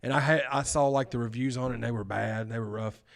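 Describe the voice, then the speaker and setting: A man's voice: mid-range voice, fairly even intonation, quick pace, gravelly. A man co-hosting a podcast, talking in an easygoing, casual way, full of fillers and "dude". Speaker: podcast co-host. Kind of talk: casual chat.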